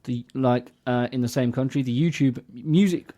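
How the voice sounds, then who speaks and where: A man's voice: mid-range voice, normal speed, mellow. A man co-hosting a casual music podcast, explaining things at length in a chatty way. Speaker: podcast co-host.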